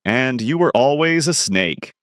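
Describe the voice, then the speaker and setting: A man voicing a tough, stubborn male crime boss who gives gruff commands, in a storybook reading. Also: mid-range voice, expressive, unhurried, a bit bright, dry recording, clean studio sound, pitched above the performer's own voice. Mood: determined.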